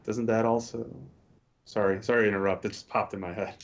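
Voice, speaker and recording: Low voice guy explaining pc hardware, stumbles a bit, muffled lo-fi mic. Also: steady tone. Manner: halting, explains with examples. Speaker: podcast co-host. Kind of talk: casual tech chat.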